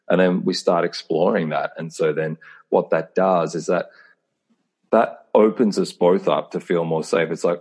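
A man with a very deep, husky voice talks earnestly in a casual call conversation. He reflects as he goes, circling back with fillers and restarts. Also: fairly even intonation, moderate pace, darkish tone. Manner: acts out his own inner voice in quoted asides.

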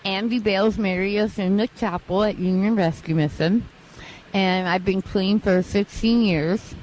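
A woman with a slight lisp, telling her personal testimony as an interview guest in an earnest, halting way, with many restarts. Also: medium pitch, fairly even intonation, a little mellow, a little hiss or hum, low-quality recording. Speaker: interview guest, mission staff. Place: outdoors at a live charity event.

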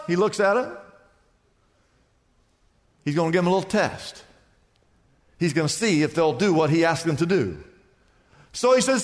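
A man preaches from the pulpit in a bright, high voice, his words hanging in a long church reverb. He builds rising lists and climbs to shouted peaks as a pastor driving his sermon home. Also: big pitch swings, measured pace, pauses often. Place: large church sanctuary.

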